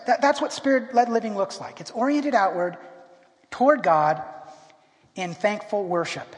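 A man's voice: sits high, moderate pace. A middle-aged man preaching a sermon as pastor in a church, speaking with emphasis and often restarting and repeating his words. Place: church sanctuary. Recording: long hall reverb.

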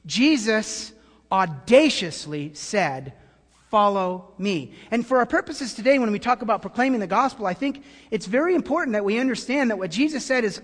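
A man preaching as pastor, with animated delivery that swings between hushed, tender passages and loud, shouted calls. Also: very high-pitched, normal speed, long reverb tail. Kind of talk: sermon.

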